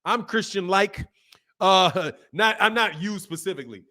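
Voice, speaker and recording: A man's voice: high-pitched, unhurried, sharp tone. A man hosting a boxing livestream, chatting casually, laughing often and mimicking other people. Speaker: boxing channel host. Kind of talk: livestream commentary, reading super chats.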